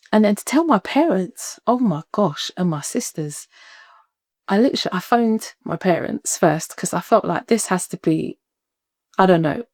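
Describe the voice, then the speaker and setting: A woman, a podcast guest telling a personal story in lively conversation, acting out what people said and laughing often. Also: lowish voice, no room sound, clean studio sound. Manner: animated, acts out quoted voices, laughs often.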